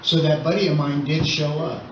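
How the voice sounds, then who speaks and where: A man's voice: a little high, steady tone, moderate pace. Older man telling his story at a meeting. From Southern California. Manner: conversational storytelling, wry humor. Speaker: AA meeting speaker. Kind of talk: recovery share at a meeting. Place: meeting hall. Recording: roomy, distant, muffled with noise.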